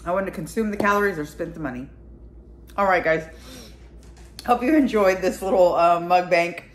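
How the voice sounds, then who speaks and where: Low-voiced woman chatting between bites. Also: normal speed, slight background noise. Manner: chatty, swears freely, talks between bites. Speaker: vlogger. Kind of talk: casual mukbang vlog.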